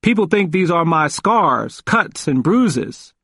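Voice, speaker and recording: A man voicing a fierce, hoarse old man in his seventies. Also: a little high, very animated, slow, dry recording, pitched above the performer's own voice, heavily acted. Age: 70s. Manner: forceful, emphatic, intense.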